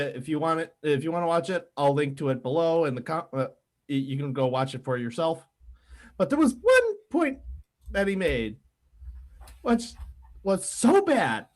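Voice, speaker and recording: Animated, lively male podcast co-host. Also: on the high side. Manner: animated, laughs and breaks into shouts. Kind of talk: casual chat.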